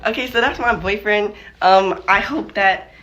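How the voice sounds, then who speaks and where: A woman in a joking vlog clip, talking to viewers in a deadpan way. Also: medium pitch, unhurried, lo-fi sound, heavy background noise.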